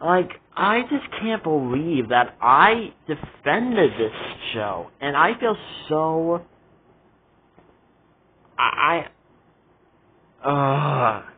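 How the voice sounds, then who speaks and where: A man with a rather high, husky, sing-song voice rants in a casual vlog about a show, speaking slowly with few pauses. He's an exasperated, indignant reviewer who keeps throwing in asides. The audio is tinny, as if recorded on a phone.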